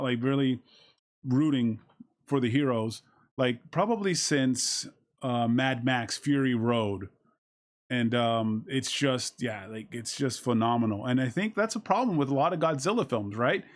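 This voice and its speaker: A man giving a casual, excited spoken movie review, rambling with many fillers and restarts, and acting out his reactions with sudden shouts. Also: medium pitch, moderate pace.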